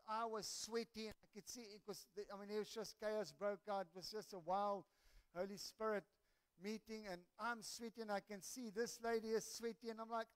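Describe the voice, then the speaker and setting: A man preaching a sermon and telling stories, animated and halting, with many restarts. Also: sits high, clean tone. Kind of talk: sermon with storytelling.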